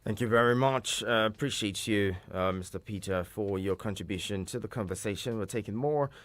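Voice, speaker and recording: A man's voice: fairly low pitch, a little fast, dry recording. A man hosting a call-in radio show with brief, courteous acknowledgments. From Nigeria. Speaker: radio host.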